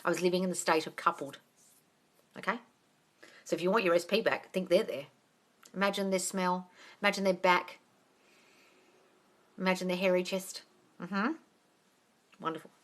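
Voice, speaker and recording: A woman coaching viewers on manifesting during a casual live Q&A, blunt and full of swearing, calling everyone darling and swinging between loud excitement and low asides. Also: normal speed, long pauses. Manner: blunt, swears freely, calls listeners darling. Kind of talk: casual live Q&A, reading out comments.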